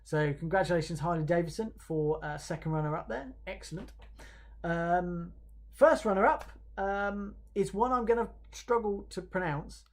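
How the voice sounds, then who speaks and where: On a livestream, an awards presenter with a mid-range pitch rambles at a moderate pace in a darkish tone, often stopping to correct themselves. Chatty and hesitant, full of fillers, they joke at their own expense and read viewer comments aloud between announcements.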